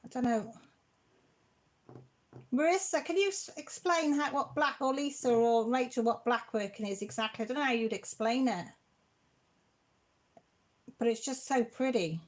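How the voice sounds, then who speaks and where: With a slightly high voice at a moderate pace, this craft channel host pauses often as she chats on a casual livestream from home. Warm and emotional, she's on the verge of tears expressing thanks to her audience.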